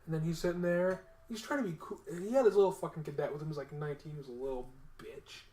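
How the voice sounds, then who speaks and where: A man co-hosting a podcast, telling a story in a casual, animated and profane way. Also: on the high side, fast talker, roomy sound. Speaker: podcast co-host.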